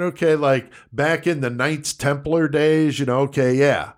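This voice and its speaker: A man hosting a podcast in casual chat, explaining things in a relaxed way with many fillers. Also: mid-range voice, normal speed, hardly any pauses. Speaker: podcast host.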